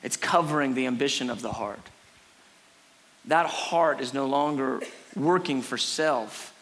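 A middle-aged man preaching a sermon on a church stage, animated and earnest, acting out little scenes for his listeners. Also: unhurried. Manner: animated, acts out a frantic crowd in a high put-on voice. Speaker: pastor. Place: church stage before a congregation.

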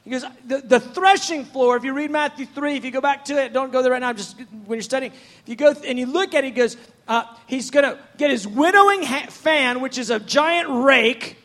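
A man's voice: extremely high pitch, brisk, fairly bright tone. A man preaching a sermon in a fervent, conversational, rambling way.

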